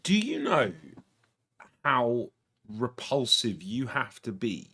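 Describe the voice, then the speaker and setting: A man's voice: medium pitch, very animated, slow pace, sharp tone, slightly rough. A man in casual chat, ranting heatedly, stammering and swearing.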